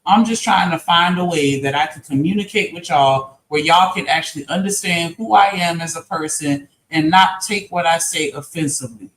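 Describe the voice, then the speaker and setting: A man's voice: fairly high pitch, normal speed, few pauses, fairly bright tone. A man on a live-stream panel, explaining himself earnestly and at length in casual talk. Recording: roomy echo.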